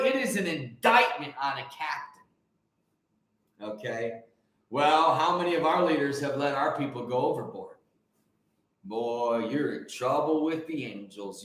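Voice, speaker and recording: Fiery preachy man in an echoey room. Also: on the high side. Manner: preachy, rousing, swings between shouting and muttering, sings snatches. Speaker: host. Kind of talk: fiery motivational monologue.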